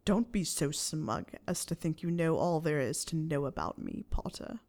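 A woman voicing a stern older male wizard professor, speaking low, hushed and measured. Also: lively intonation. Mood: cold.

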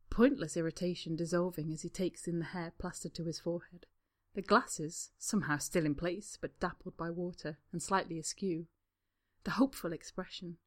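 Calm woman reading a story aloud. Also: on the low side. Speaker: narrator. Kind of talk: storybook reading of fan fiction.

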